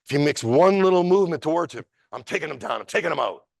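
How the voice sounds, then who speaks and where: A man's voice: fairly high pitch, expressive, quick pace, gravelly, no echo, clean studio sound, voice pushed up. A man doing a big eager foreign fighter's thoughts. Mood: tense. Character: big American martial artist, eager to test himself, then awed.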